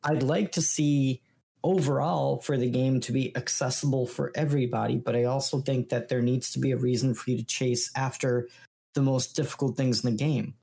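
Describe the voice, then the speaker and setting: A man's voice: mid-range voice, steady tone, moderate pace, gravelly, mellow. A man speaking as a guest on a gaming podcast, earnest and opinionated, often tagging his points with questions. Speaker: podcast guest, content creator. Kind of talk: casual podcast chat.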